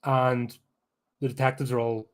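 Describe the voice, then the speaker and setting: A man's voice: mid-range voice, flat delivery, unhurried. Sarcastic Belfast man ranting about films. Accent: Northern Irish, Belfast. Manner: blunt, sarcastic, sweary. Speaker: podcast host, film reviewer. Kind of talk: casual film review rant.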